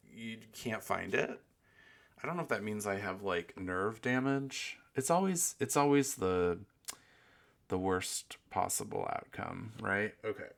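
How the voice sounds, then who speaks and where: A man with a low, gravelly voice hosts a loose solo podcast. He rambles and curses freely and pokes fun at his own lack of planning. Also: a bit bright. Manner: rambling, profane, self-mocking. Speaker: podcast host. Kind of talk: casual solo podcast chat.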